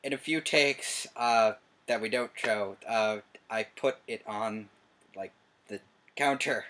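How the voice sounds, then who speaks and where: A man's voice: on the low side, takes it slowly, a bit bright. A young man chatting casually in a commentary, dry and understated. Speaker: co-host, son.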